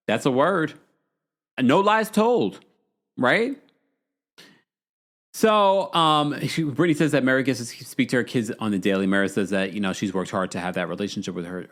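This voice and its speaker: Chatty man doing a gossipy recap. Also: fairly low pitch. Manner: animated, gossipy, laughing asides to listeners. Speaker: podcast host recapping a reality show. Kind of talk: casual recap chat.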